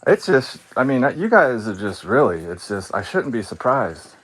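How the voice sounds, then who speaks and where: A man talking on his live stream in a casual rant, sarcastic and mocking, often laughing, swinging between calm and heated. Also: mid-range voice, moderate pace, slight background noise. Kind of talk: casual ranting monologue.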